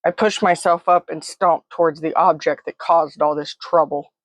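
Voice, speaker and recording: A woman's voice: low voice, steady tone, normal speed, no echo. Woman narrating a story up close. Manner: close, vivid, present-tense retelling. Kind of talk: first-person story narration.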